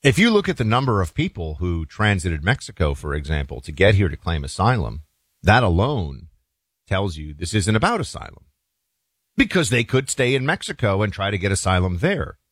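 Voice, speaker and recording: A man's voice: low-pitched, big pitch swings, moderate pace, breathy edge, dry recording. A man hosting a talk show, giving an emphatic, opinionated monologue with folksy asides to the listeners.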